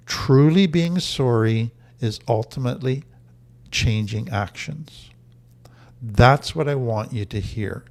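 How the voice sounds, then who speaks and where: A man's voice: mid-range voice, creaky, a little mellow. A man giving an earnest, emphatic teaching talk on trauma recovery, repeating his key phrases for weight.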